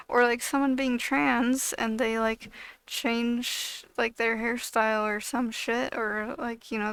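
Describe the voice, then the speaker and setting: High, gravelly woman ranting bluntly. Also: a bit bright, dry recording. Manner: blunt, heavily profane, exasperated ranting; loose, filler-heavy delivery with frequent "like". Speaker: video creator. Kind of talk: ranting vlog monologue.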